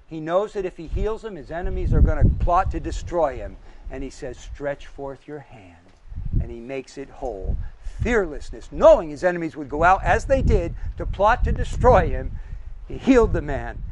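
A man's voice: a little high, lively intonation, moderate pace, noisy background. A man preaching a sermon with emphasis, listing his points one by one and asking the audience questions.

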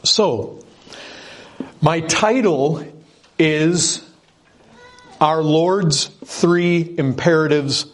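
Man, preacher, sermon, earnest, emphatic, husky voice. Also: a little high. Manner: earnest, emphatic, repeats words for stress.

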